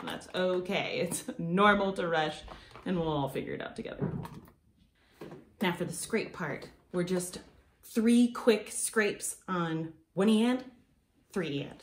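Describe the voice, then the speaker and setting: A woman's voice: on the low side, reverberant, slight background noise. A young woman teaching a children's music lesson, upbeat and encouraging, counting beats aloud. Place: room at home.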